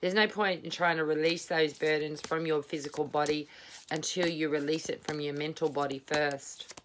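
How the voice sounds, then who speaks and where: A woman's voice: low voice, fairly even intonation, normal speed, background noise. A woman giving a casual tarot reading at home, rambling, candid and blunt, swearing freely. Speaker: tarot reader. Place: home, at a small table.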